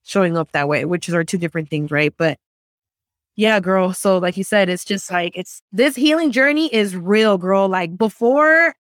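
A woman guest in casual conversation, telling animated stories, acting out other people's voices and swearing freely. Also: mid-range voice, normal speed, no echo, clean studio sound. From Central American family, raised in US. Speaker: podcast guest.

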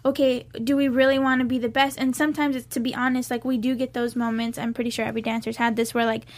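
A woman's voice: on the high side, level tone, fast talker. A young woman dancer in a casual interview, talking in a rambling way and saying "like" often. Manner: rambling, lots of "like".

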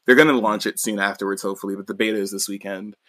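A young man co-hosting a casual podcast, with a slightly low voice. He swears loosely and stumbles over his restarts, recorded close and dry with no room sound. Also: steady tone, rapid-fire, fairly bright tone, no echo. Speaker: podcast co-host. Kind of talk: casual chat.

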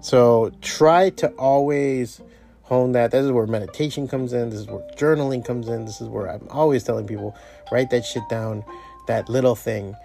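A man's voice: moderate pace, gravelly, dark tone, soft background music. A man hosting a podcast, giving a casual, profanity-laced motivational talk and acting out the voices he quotes. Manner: profane, blunt, pep-talk delivery; acts out quoted voices with jumps in pitch. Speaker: podcast host.

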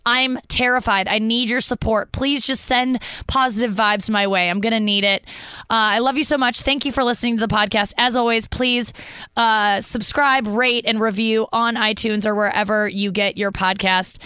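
Bright, clear-voiced woman podcast host. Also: a little high, steady tone, normal speed, no echo. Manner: rambling, self-deprecating, restarts often. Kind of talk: casual comedic podcast chat.

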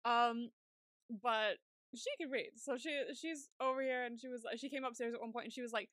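A woman's voice: fairly high pitch, quick pace, fairly bright tone, no echo, clean studio sound. A young woman co-hosting a podcast in casual chat, laughing often and acting out her own reactions. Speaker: podcast co-host.

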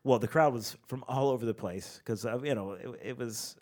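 A man hosting a podcast in a studio, telling stories in a casual, animated way and laughing easily. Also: medium pitch, brisk. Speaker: podcast host.

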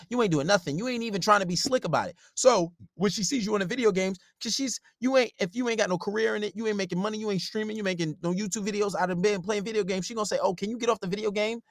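A man's voice: sits high, no room sound, studio quality. A man delivering a blunt, profane advice rant in a confrontational way. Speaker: relationship advice commentator. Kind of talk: ranting advice monologue.

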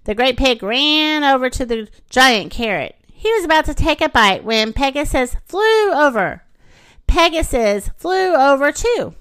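Woman reading a children's storybook slowly. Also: high voice, no room sound, clean studio sound. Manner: expressive, slow storytelling. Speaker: narrator.

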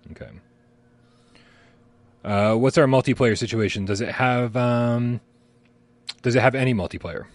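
A man's voice: mid-range voice, a little slow, pauses often, no echo. A man co-hosting a live gaming stream, rambling and swearing casually, often laughing. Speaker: podcast co-host. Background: sirens outside.

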